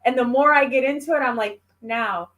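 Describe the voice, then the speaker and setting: A woman's voice: high-pitched, steady tone, quick pace, fairly bright tone, muffled recording. A woman chatting casually as a guest, telling stories animatedly and acting out the voices of the people she quotes. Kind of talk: casual chat.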